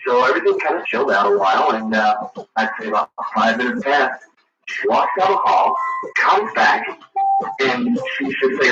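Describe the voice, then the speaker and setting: A man on a call-in radio show tells a spooky story, stopping and restarting as he hunts for words. His voice sits at a middling pitch and comes across muffled and far from the mic. A roomy echo and loud music run under this old radio recording. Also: animated. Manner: halting, rambling storyteller who searches for words. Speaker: caller. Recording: dull, distant, echoey archival radio broadcast with loud music.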